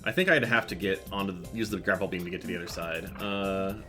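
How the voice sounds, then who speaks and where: A man's voice: deep voice, fast talker, bright, forceful tone. A man streaming a game, chatting casually, reading chat aloud and muttering to himself. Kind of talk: casual gameplay commentary. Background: game music.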